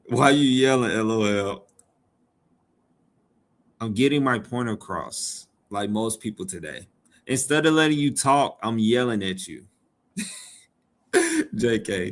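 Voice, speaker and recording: A man with a fairly low voice hosts a live stream in a loose, conversational way. He is from Georgia and reads chat comments aloud. He jokes and repeats his phrases for emphasis.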